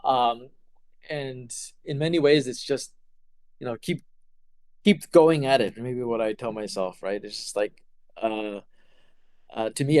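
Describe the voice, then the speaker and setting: Middle-aged man, interview guest, smooth clear voice, dry close sound, lots of ums and restarts. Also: mid-range voice, darkish tone, no echo. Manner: hesitant, many fillers and restarts. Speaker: quantum computing engineer. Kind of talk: casual interview answers.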